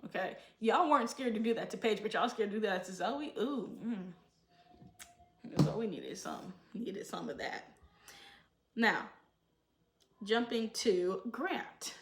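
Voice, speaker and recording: A woman giving opinionated casual commentary and acting out quotes with animated emphasis. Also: medium pitch, slow pace, long pauses, reverberant. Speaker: show commentator.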